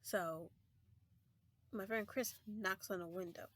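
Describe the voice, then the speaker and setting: A teenage girl vlogging to camera, animated and laughing, acting out her friends' lines in loud bursts. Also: mid-range voice, a little slow, long pauses. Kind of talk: casual storytelling to camera.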